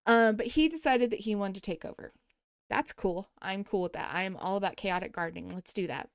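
A woman hosting a podcast, chatting casually and telling animated stories with frequent laughter. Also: medium pitch, fairly quick, no room sound, studio quality. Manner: animated storyteller, laughs often. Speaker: podcast host.

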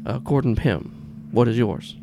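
A man's voice: mid-range voice, measured pace, creaky, background noise. A man voicing a stoic, fatherly older leader with a slight New York accent who talks out of the side of his mouth around a cigar. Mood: genial. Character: stoic paternal older male headquarters leader.

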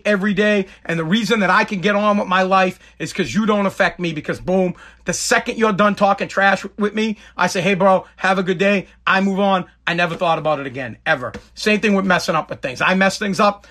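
Middle-aged New man, high bright voice, blunt emphatic podcast host talking straight at listeners. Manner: blunt, emphatic, repeats himself. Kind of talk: casual monologue.

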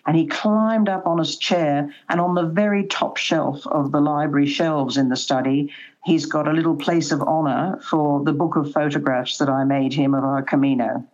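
A woman's voice: deep voice, normal speed, highs cut off. An older woman, a guest in an interview, telling stories in a chatty way and animating the voices she quotes. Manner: chatty storyteller, animated quoting. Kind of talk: conversational interview.

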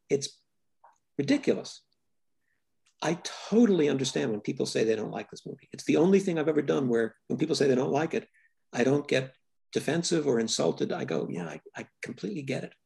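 An older man with a gravelly, husky voice answers interview questions about his own work. He speaks thoughtfully, often stopping and restarting his sentences. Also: fairly high pitch, darkish tone. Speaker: filmmaker guest.

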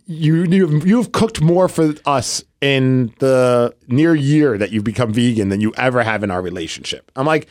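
A man's voice: mid-range voice, expressive, moderate pace, few pauses, no echo, studio quality. A man in his thirties co-hosting a podcast, telling stories in a rambling casual way with lots of fillers. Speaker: podcast co-host. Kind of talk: casual chat.

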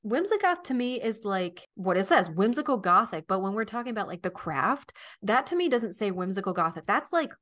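A woman co-hosting a casual podcast, chatting loosely with lots of fillers and quick asides. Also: medium pitch, big pitch swings, fairly bright tone. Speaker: podcast co-host. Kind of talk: casual chat.

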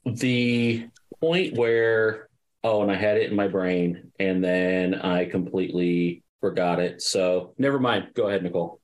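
A man's voice: deep voice, a little slow. A man on a podcast panel, talking in an earnest, casual way and sometimes losing his train of thought. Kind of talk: casual chat.

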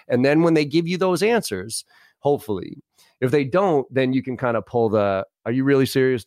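A man giving brash, animated sales advice in a podcast conversation, acting out both sides of sales calls. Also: medium pitch, no echo, studio quality. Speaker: sales trainer guest.

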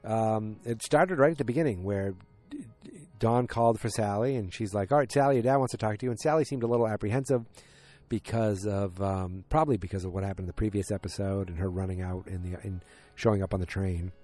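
Mellow low-voiced man rambling frankly. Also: brisk, soft background music. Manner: rambling and frank, with loose swearing. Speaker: podcast host recapping a TV series. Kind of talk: casual solo recap talk.

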